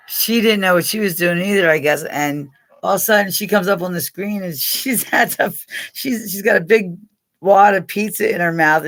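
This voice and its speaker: This live stream host is an older Pennsylvania woman who rambles through a relaxed chat with her audience, cursing without restraint and laughing often. She speaks in a low voice with a fairly bright tone, recorded without room sound.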